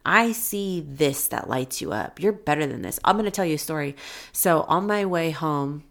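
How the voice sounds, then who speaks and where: A woman's voice: sits low, expressive, normal speed, gravelly. A woman hosting a motivational podcast, telling a personal story in an earnest, encouraging way. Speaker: podcast host.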